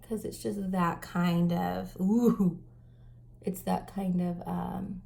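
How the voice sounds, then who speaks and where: A woman in her thirties chatting through a casual makeup tutorial, stuffy and breathing heavily, with self-mocking soft asides. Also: fairly low pitch, steady tone, takes it slowly, vocal fry, a little hiss or hum. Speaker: makeup vlogger.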